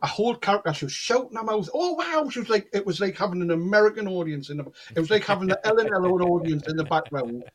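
A cold reader appearing as a guest, this man talks fast in a high voice with hardly any pauses, and crowd noise is audible. He relates anecdotes in a casual chat, animated as he acts out the dialogue.

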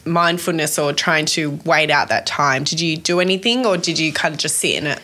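A woman hosts the interview with a bright, lowish voice, asking gentle follow-up questions and offering short supportive replies. Her tone stays casual and encouraging. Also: brisk.

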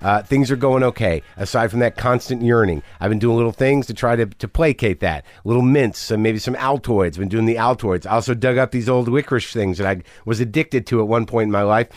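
A man's voice: medium pitch, fairly quick, hardly any pauses, dry recording. A middle-aged man hosting a podcast, talking in a manic, rambling, profane confessional monologue. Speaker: podcast host.

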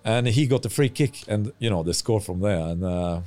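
Podcast guest, male ex-footballer, low-pitched, halting and searching for words. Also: a little mellow, no room sound. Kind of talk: relaxed podcast interview.

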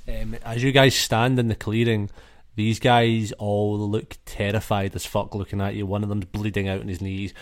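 A man's voice: fairly low pitch, flat delivery, normal speed. A man narrating and running a tabletop role-playing game in a casual, swearing way with many fillers. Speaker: game master.

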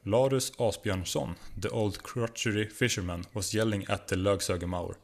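A man with a Swedish accent narrates a comic short story. His voice is low and his reading is steady and even. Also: normal speed, few pauses. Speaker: guest reader.

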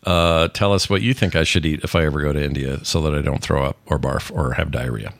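A man's voice: very deep voice, fast, vocal fry, fairly bright tone, no room sound. A middle-aged man hosting a casual live-streamed podcast chat, rambling and full of puns. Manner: jokey, rambling, punning. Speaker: podcast host.

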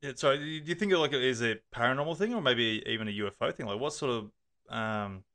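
A man hosting a casual interview, asking questions in a relaxed way. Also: medium pitch, fast talker. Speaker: podcast host.

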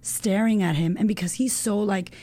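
A woman in her thirties, a women's coach, talking as a guest in an animated, emotional way, full of fillers and the odd swear word. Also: mid-range voice, moderate pace. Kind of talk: casual chat.

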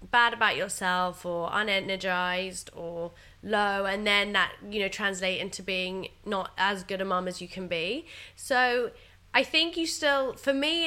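A young woman speaking openly in a relaxed chat, full of fillers like "like" and "you know". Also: mid-range voice. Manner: chatty and open, many fillers like "like" and "you know". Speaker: guest. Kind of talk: candid casual chat.

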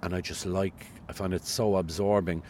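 A man's voice: sits low, little pitch movement, moderate pace, a little mellow, a little hiss or hum. A middle-aged man with a Cork Irish accent, a radio newsreader chatting as an interview guest, self-deprecating and full of stories. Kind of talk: casual interview chat.

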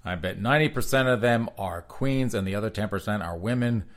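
A man's voice: fairly low pitch, a little fast. A man hosting comedic news commentary with a sarcastic, mocking delivery and frequent laughter. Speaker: host.

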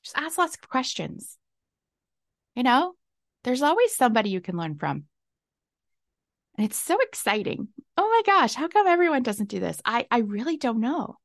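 A woman's voice: fairly high pitch, very animated, normal speed, no echo, studio quality. A woman hosting her own podcast, talking casually and exuberantly, laughing often. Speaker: podcast host. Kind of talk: casual solo podcast talk. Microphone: desk mic.

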